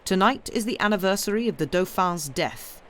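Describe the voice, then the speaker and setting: A woman's voice: medium pitch, expressive, moderate pace, fairly bright tone, pitched above the performer's own voice, natural voice. A woman reading the lines of a stern, commanding male duke in a storybook reading. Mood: urgent. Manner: harsh, commanding.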